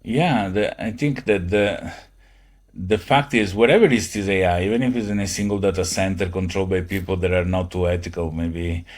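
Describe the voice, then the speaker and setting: Low-voiced man, halting speech. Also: steady tone. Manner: halting, many fillers, non-native phrasing. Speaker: guest. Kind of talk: conversational interview.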